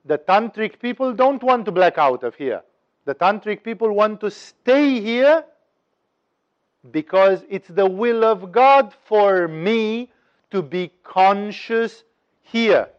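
A man's voice: sits high, animated, slow pace. Man teaching with wry humor, lo-fi. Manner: storytelling with wry humor, voices in parables. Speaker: spiritual teacher. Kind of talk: satsang teaching talk. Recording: dull lo-fi recording.

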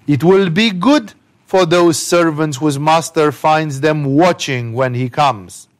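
A man's voice: on the high side, takes it slowly. A man giving a conversational scripture commentary with emphatic rhetorical asides. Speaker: spiritual teacher.

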